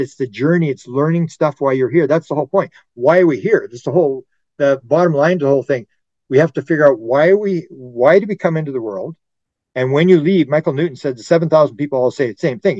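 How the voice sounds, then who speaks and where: A man's voice: fairly high pitch, darkish tone, dry recording. Earnest older man, dull lo-fi audio. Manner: earnest, acts out quoted voices. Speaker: guest, UFO researcher. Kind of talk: casual interview talk.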